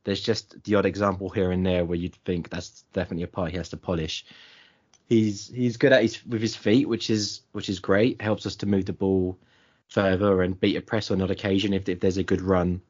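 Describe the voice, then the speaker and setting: A man co-hosting a football podcast, giving relaxed, analytical takes on players. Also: deep voice, brisk, breathy edge, muffled recording. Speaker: podcast co-host. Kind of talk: casual football chat.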